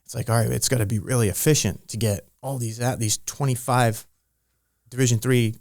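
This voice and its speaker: A man's voice: medium pitch, fairly quick, vocal fry, no room sound. A middle-aged man who coaches strength and conditioning, telling stories in a loose, rambling way full of restarts. His voice sits in an ordinary male range. The recording is dry and close. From Rhode Island. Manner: rambling, restarts often, animated storytelling. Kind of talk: casual podcast interview.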